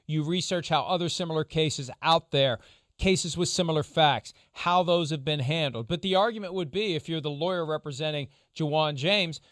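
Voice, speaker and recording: A man hosting a sports talk show, explaining legal angles in a measured, lawyerly way. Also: on the high side, fairly bright tone, no echo, studio quality. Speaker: show host, legal analyst.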